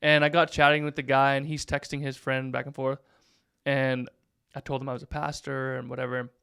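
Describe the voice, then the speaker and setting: A man in his thirties, a pastor, telling a story in a relaxed chat with plenty of fillers. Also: medium pitch, brisk, gravelly, clear, resonant tone, dry recording, studio quality. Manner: animated storyteller, many fillers. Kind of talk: casual podcast storytelling.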